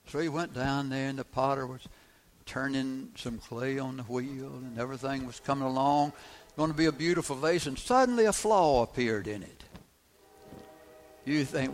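A man's voice: mid-range voice, moderate pace. A man preaching a sermon, emphatic, repeating key phrases and asking the congregation rhetorical questions.

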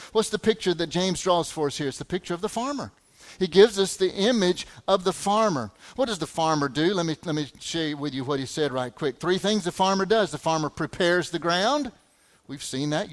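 A middle-aged man preaching a sermon, animated, full of rhetorical questions and repeated words. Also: high-pitched. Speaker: pastor.

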